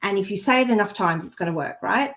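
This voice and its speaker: A woman's voice: medium pitch, quick pace, a bit bright. A woman in casual podcast conversation, speaking in an earnest, heartfelt coaching tone. Her voice sits in an ordinary middle register, and she often breaks off and restarts a sentence while reaching for the right words. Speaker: co-host and energy healer.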